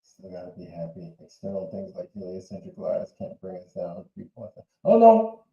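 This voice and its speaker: A man's voice: sits low, huge pitch swings, normal speed, warm tone, roomy sound, highs cut off. A man hosting a livestream, chatting casually and repeating himself as he reacts to clips. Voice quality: rambling and repetitive. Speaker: livestream host.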